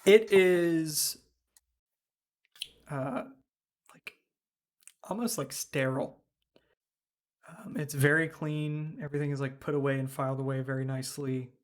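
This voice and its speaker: A man's voice: fairly high pitch, measured pace, long pauses. A man running a tabletop horror game as game master, describing scenes loosely with many fillers.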